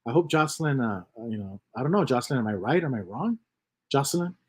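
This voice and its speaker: A man's voice: mid-range voice, lively intonation, fast talker, breathy edge. A man hosting a casual livestream, reading chat comments aloud and rambling on with lots of repeats and mutters.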